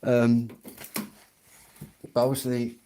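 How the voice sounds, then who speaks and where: A man's voice: mid-range voice, monotone, drawn-out words, dark tone. A middle-aged man from England, rambling bluntly in a casual livestream chat and swearing freely.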